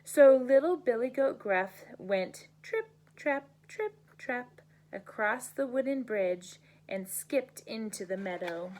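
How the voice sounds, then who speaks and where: Slow, gentle woman reading a bedtime story. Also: on the high side, lively intonation, a little hiss or hum. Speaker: teacher reading bedtime stories. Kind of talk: storybook read-aloud.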